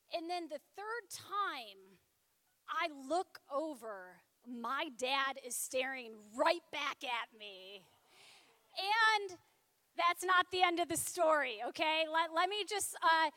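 A woman giving a Catholic youth talk, telling a personal story in a lively, chatty way with lots of "like". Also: high voice, takes it slowly, no echo. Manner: lively and chatty, frequent filler "like". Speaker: speaker at a Catholic youth event.

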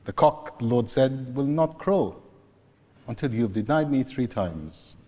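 A man preaching a sermon, slowly and deliberately retelling scripture scenes. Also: medium pitch, expressive, mellow. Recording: long reverb, echoey hall.

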